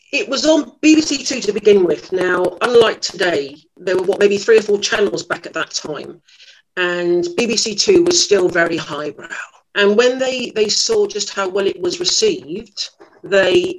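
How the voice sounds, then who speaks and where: A woman's voice: on the low side, poor audio. Middle-aged lady, chatty and self-mocking, telling showbiz stories. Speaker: actress guest. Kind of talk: anecdotal interview storytelling.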